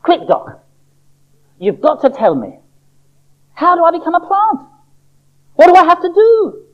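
Reader doing a jumpy high little seed guy, begging and excited, muffled audio. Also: measured pace, heavily acted. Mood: eager. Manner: excitable, pleading. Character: anxious restless young male seed. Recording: dull lo-fi recording.

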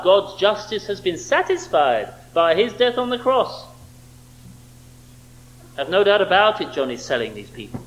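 Male preacher, high voice with lively swings, emphatic, rhetorical questions. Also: unhurried, long pauses, rough recording. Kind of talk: sermon.

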